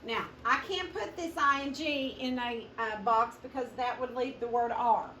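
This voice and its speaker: A woman teaching a phonics lesson and carefully sounding out words for her students. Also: a little high. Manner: slow, drawn-out modeling of sounds, addresses students as guys. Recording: echoey room, mic at a distance, noisy with hum.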